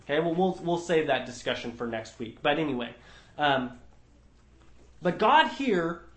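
A man's voice: fairly high pitch, expressive, normal speed, fairly bright tone. A man teaching a Bible study group, earnest and emphatic, often restarting his sentences. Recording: roomy echo.

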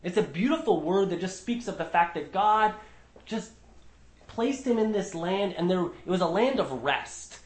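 Man leading a Bible study, slightly high voice, earnest and emphatic, roomy echo. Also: animated, moderate pace. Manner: earnest, emphatic, with frequent restarts.

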